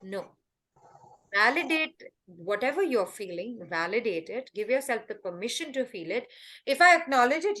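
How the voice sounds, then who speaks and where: A middle-aged woman coaching callers, animated and acting out little quotes as she explains. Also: fairly high pitch, moderate pace. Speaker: host and happiness coach. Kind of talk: coaching answers on a group call.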